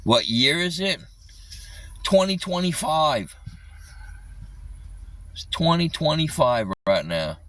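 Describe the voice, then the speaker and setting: A man's voice: on the high side, very animated, slow pace, pauses often, fairly bright tone, recorded from a distance, low-quality recording. Angry swearing man ranting on a live stream. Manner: angry, swearing constantly, repeats himself. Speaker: livestreamer.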